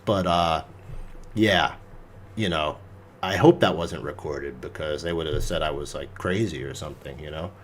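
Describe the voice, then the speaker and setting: A young man, a podcast host, telling a story in casual chat, animated and full of swearing. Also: very deep voice, moderate pace, a little hiss or hum.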